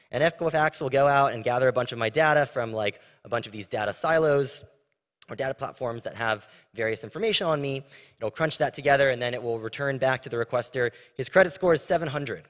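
Casual young male speaker, mid-pitched, conference talk in a big reverberant hall. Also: a bit bright. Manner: casual, conversational with frequent fillers. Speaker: conference presenter. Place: large conference room. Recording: long reverb of a large hall.

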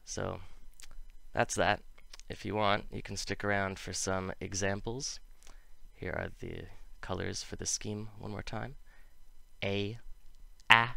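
Slow, gravelly-voiced man teaching pronunciation. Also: lowish voice, pushed and bright, no room sound. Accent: North American English. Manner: slow, demonstrates sounds clearly. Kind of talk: video pronunciation lesson.

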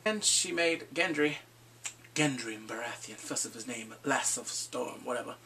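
A man casually recapping a TV episode, swearing freely and jumping into quick impressions of the characters. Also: medium pitch, steady tone, creaky, bright, forceful tone, far from the mic, a little hiss or hum. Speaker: TV show reviewer. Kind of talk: casual spoiler recap vlog.

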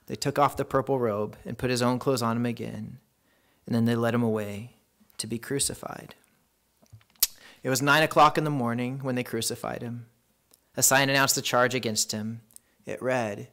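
A male pastor delivers a sermon in an ordinary middle-pitched voice. He reads scripture dramatically, slowing down for emphasis. He sinks into hushed tones when he asks his questions. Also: steady tone.

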